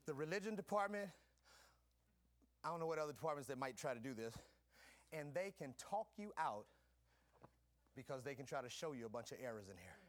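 A man preaching a sermon, calling out to his congregation and swinging between quiet teaching and shouting. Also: a little high. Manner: preaching with call-and-response, swinging from soft to shouting. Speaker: pastor.

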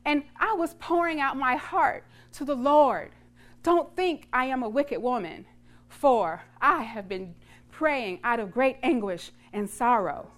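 A woman's voice: high-pitched, animated, unhurried, a bit bright. A woman voicing a grieving young woman who pleads earnestly in prayer for a child.

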